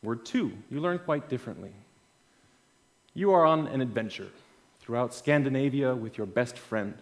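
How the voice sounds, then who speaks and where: A man giving a storytelling keynote talk at an event. He swings between loud bursts and quiet asides. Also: mid-range voice, expressive, moderate pace. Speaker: conference speaker. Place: event stage.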